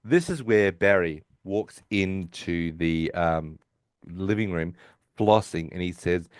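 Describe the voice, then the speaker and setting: A man's voice: low voice, slow pace, smooth, no room sound. A man co-hosting a podcast, casually retelling a sitcom episode and acting out the characters' lines. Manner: rambling, acts out characters' lines while retelling. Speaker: podcast co-host. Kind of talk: casual episode recap chat.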